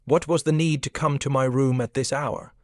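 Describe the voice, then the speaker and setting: A man's voice: mid-range voice, fairly even intonation, normal speed, a little mellow, dry recording, lightly acted. An angry, frightened young bus driver, read by a male narrator, pressing hard for the truth. He sounds demanding and on edge. The recording is dry and close.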